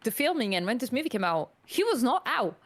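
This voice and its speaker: A woman chatting casually on a podcast about films, animated and rambling, with lots of "like". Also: a little high, quick pace, a crowd in the background. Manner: animated, rambling, heavy use of "like".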